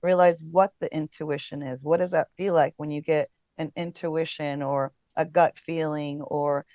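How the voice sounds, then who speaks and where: A woman's voice: deep voice, steady tone, moderate pace, dry recording. Woman, podcast guest, casting director, chatty, storytelling, filler-heavy, laughs often, dry slightly dull audio. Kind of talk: casual interview chat.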